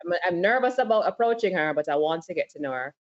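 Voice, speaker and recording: Low-voiced woman chatting candidly. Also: animated, fast talker. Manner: candid, storytelling, laughs often. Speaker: podcast co-host. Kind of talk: casual panel chat. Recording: slightly dull lo-fi sound.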